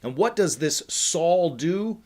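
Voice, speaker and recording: A man hosting a faith ministry livestream, teaching in a lively, conversational way and often checking in with "right?". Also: on the high side, slow. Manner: energetic, conversational, with frequent "right?" asides. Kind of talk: casual teaching talk.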